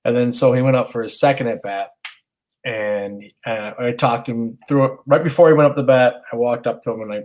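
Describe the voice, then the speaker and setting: A man in his thirties co-hosting a casual podcast, telling a long story in a middle-pitched voice. He rambles earnestly, stopping and restarting his sentences as he goes. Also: steady tone, a little fast, a little mellow. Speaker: podcast co-host, father.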